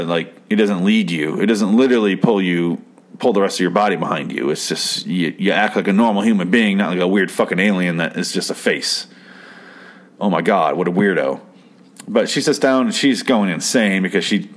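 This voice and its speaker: Man in his thirties, slightly low voice, profane rambling recap, acts out the characters' lines. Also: lively intonation, moderate pace. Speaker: show recapper. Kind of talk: casual profane episode recap.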